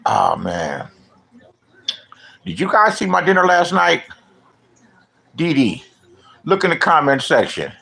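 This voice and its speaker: A man's voice: fairly high pitch, big pitch swings, slow, vocal fry, long pauses, slightly rough, rough recording. Profane rambling middle-aged man. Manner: profane, rambling, swings into loud rants. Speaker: vlogger. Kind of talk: casual livestream commentary.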